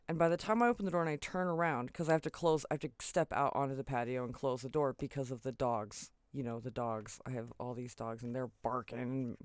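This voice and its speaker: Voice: medium pitch, darkish tone, smooth, dry recording. Chatty, rambling crafting vlogger. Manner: rambling, chatty, full of "you know" and "right?" asides; laughs often while telling the story. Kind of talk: casual storytelling while crafting. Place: home basement.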